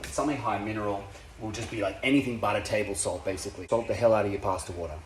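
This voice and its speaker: A man hosts a cooking demonstration in his home kitchen, playful and chatty with jokey asides. His voice is on the low side and fairly even, rattled off rapid-fire, with a little hiss or hum in an echoey kitchen full of clattering pans.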